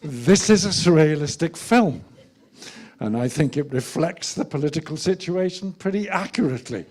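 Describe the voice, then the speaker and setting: A British actor on a festival panel, speaking in a hesitant, self-deprecating way with laughing asides. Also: male voice, a little high, animated, moderate pace, darkish tone. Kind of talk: casual panel talk.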